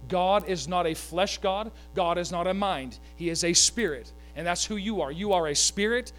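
A man with a high voice preaches a lively sermon, cracking jokes and asking his listeners to say lines back to him. A steady mains hum sits behind his voice. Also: moderate pace, faint music behind. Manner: animated, joking asides, calls for congregation to repeat. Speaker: pastor.

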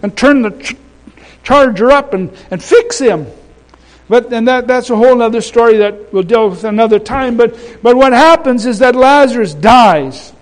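A man with a very high voice preaches an emphatic sermon, repeating his phrases, swinging between loud and soft passages, and making conversational asides to the congregation. The recording quality is low.

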